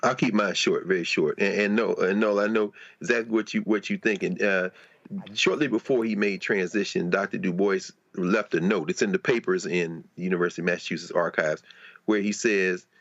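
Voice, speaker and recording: A man's voice: low-pitched, fairly even intonation, a little fast, a bit bright, no room sound, muffled recording. A man speaking as a panelist, explaining in a professorial way with frequent restarts. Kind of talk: panel discussion commentary.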